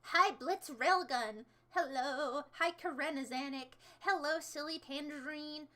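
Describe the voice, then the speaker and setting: Talking a little slowly, a young adult woman with a bright, high voice entertains her livestream audience. Her chat wanders theatrically and playfully between subjects, punctuated by abrupt dramatic outbursts.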